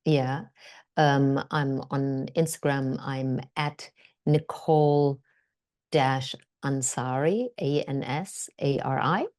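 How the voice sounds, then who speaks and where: A woman's voice: a bass voice, slow. A middle-aged woman, a guest actor and director, chatting in an interview and telling stories with many fillers and restarts, acting out what others said. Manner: animated storyteller, acts out quoted voices, many fillers and restarts. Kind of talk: casual interview conversation.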